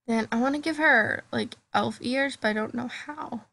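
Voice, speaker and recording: Bubbly high-voiced female gamer. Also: normal speed, vocal fry. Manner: bubbly, excitable chatter. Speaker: gaming channel host. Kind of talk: casual gameplay commentary.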